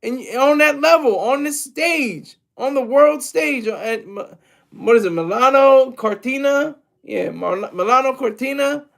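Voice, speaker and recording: Streamer type: man with a high, gravelly voice, crude and mocking, rambling livestream rant. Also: lively intonation, measured pace.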